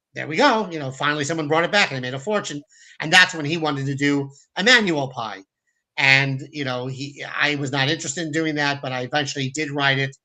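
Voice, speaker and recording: Animated man telling film set stories. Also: fairly high pitch, rough recording. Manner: animated, acts out quotes in put-on voices, many restarts. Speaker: film director, guest. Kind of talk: casual interview storytelling.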